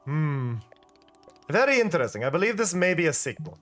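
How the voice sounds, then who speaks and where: A man's voice: a little high, very animated, a little fast, a bit bright, faint music behind. A man putting on stilted, accented shopkeeper Boro. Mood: courteous. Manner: overly polite, stilted formal phrasing. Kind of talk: reading game dialogue aloud.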